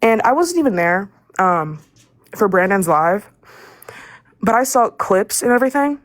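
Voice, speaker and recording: A woman's voice: mid-range voice, big pitch swings, a little slow, no room sound. A young woman speaking in a live audio room, angry and indignant, stumbling over her words as she rants. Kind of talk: heated live call-in rant.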